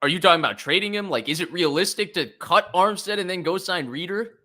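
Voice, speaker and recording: Sports co-host, male, bright tense tone, quick interjections. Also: high-pitched, lively intonation. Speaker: sports podcast panelist. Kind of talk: casual sports talk.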